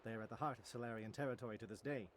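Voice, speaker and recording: A man voicing a stern, formal alien military captain in a video game, giving a solemn, measured briefing. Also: medium pitch, fairly even intonation, slight background noise, natural voice. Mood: grave.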